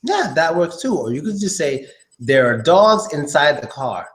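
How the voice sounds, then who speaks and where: A man's voice: on the high side, big pitch swings, moderate pace, a bit bright, roomy sound. Casual joking man teaching English. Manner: casual, joking, thinks aloud. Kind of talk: live online English lesson.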